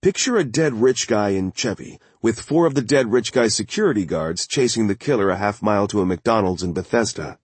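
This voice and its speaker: A man voicing an alert, excited male crime reporter in an audiobook, speaking eagerly and quickly. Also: lowish voice, breathy edge, dry recording.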